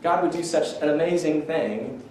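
A man preaching to his congregation in a loose, chatty way, joking at his own expense. His voice sits a little high for a man. He sounds distant from the microphone, in a very echoey church with a faint hiss behind him. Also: normal speed, a little mellow. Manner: conversational, self-deprecating with chuckles. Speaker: pastor. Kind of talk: sermon. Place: church sanctuary.

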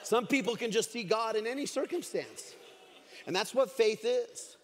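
A man's voice: very high voice, normal speed, a little hiss or hum. A man preaching a sermon as a pastor, chatty and storytelling, with frequent fillers. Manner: conversational storytelling, many fillers. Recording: echoey hall.

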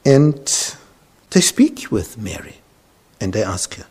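A man's voice: on the low side, very animated, slow, a little mellow, husky. A male pastor preaching a sermon, retelling scripture dramatically and dropping into whispers. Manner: dramatic storytelling, sudden drops to whispers; repeats words and restarts.

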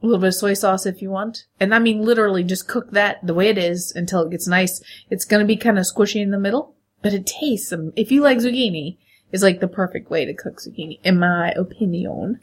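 A woman co-hosting a podcast, chatty and animated, laughing often in casual chat. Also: medium pitch, fairly quick, husky. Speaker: podcast co-host.

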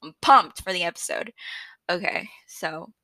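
A young woman rambles through her own podcast with loud, excited energy and a habit of laughing at herself. Her voice is bright and forceful but sits a little low. She is recorded close on a microphone in a dry room. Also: unhurried, no echo. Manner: chatty, loud and excitable, self-mocking. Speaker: podcast host. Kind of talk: casual solo podcast chat.

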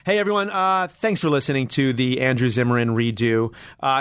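A man's voice: mid-range voice, normal speed, fairly bright tone. A man hosting a podcast in casual chat, joking and reading ads in a loose, easygoing way. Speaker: podcast host.

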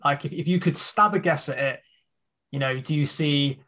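A man's voice: a little high, moderate pace, bright, forceful tone. A man hosting a podcast, asking questions in a loose, hesitant way with fillers. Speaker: podcast host. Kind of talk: casual podcast interviewing.

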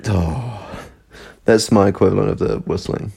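A man's voice: fairly low pitch, fairly even intonation, moderate pace, vocal fry, warm tone, slight background noise. A man co-hosting a podcast, chatting casually, telling stories, laughing often and swearing freely. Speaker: podcast co-host.

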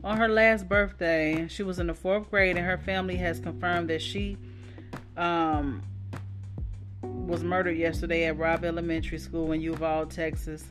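A woman hosting a podcast, talking in a shaken, halting, emotional way. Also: on the low side, level tone, music in the background. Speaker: podcast host. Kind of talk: casual podcast commentary.

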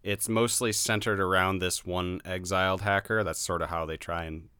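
Man, low and bright, blunt laughing game reviewer; crisp, dry close recording. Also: steady tone, normal speed, no room sound. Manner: laughing, blunt, swears freely. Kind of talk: casual podcast chat.

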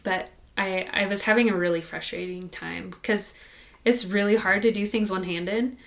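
A woman guest on a podcast, telling a personal faith story in a soft, halting, conversational way. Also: medium pitch, fairly even intonation, gravelly. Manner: soft-spoken and halting, with many restarts.

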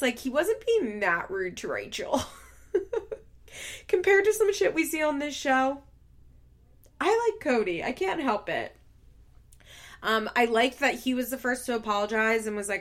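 A woman's voice: a little high, measured pace. Gossipy woman recapping reality TV. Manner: gossipy and expressive, swears freely, laughs between remarks. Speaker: podcast host.

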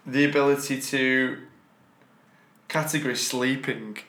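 A man's voice: mid-range voice, steady tone, a little slow, a bit bright, a little hiss or hum. Man, casual podcast co-host, rambling delivery, echoey space. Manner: rambling, repeats words, chuckles often. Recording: roomy echo.

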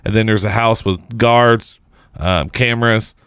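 A man's voice: on the low side, steady tone, a little slow, a bit bright, smooth, dry recording, studio quality. A man in a casual podcast chat, telling rambling anecdotes and laughing often.

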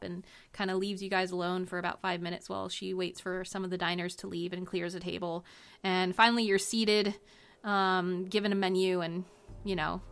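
A woman's voice: fairly low pitch, level tone, normal speed, fairly bright tone. A woman narrating a tabletop role-playing game as game master, rambling with many fillers and restarts.

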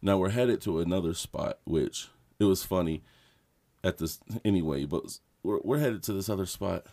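Speaking at normal speed in a low voice, a podcast co-host spins a meandering, animated story in casual conversation. He curses heavily and keeps laughing throughout.

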